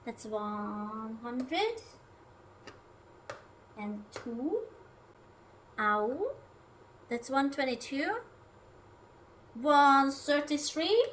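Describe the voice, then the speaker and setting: High-pitched bright woman streamer, off-mic. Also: expressive, very slow, long pauses, far from the mic, slight background noise. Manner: rambling, swears often, talks to her food and chat. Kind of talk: casual live-stream chatter while cooking. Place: home kitchen.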